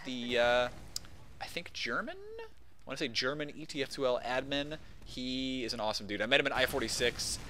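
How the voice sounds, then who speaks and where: A man shoutcasting a competitive video game match, excitable and casual, rambling between calls. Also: mid-range voice, a little hiss or hum. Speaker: esports shoutcaster. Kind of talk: play-by-play game commentary.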